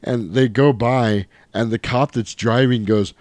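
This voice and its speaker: A man with a fairly low voice talks casually and animatedly as he recaps a film. He swears freely and slips into high, goofy voices to mimic the characters. The sound is dry and close. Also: normal speed, hardly any pauses, darkish tone, no room sound. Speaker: podcast host recapping a film. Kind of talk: casual chat.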